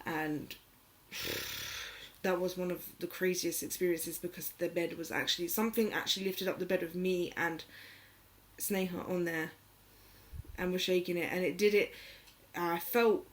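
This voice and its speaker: Young woman vlogger, slightly low voice, rambling story-time delivery full of "like"s. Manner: rambling, filler-heavy, emotional retelling. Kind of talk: casual storytelling.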